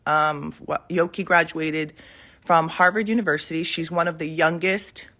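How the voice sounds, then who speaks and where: A woman's voice: deep voice, steady tone, moderate pace, bright, forceful tone. A woman in her forties chatting casually to viewers from home in the morning, rambling with many ums, speaking into a phone she holds in her hand. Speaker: vlogger. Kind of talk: casual live chat to viewers. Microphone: phone held in hand.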